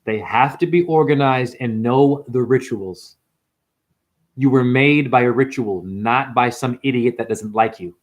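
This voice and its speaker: A man speaking as a spiritual teacher gives a heated, foul-mouthed sermon straight to the camera, improvising and throwing rhetorical questions at viewers. His mid-range voice runs a little slow.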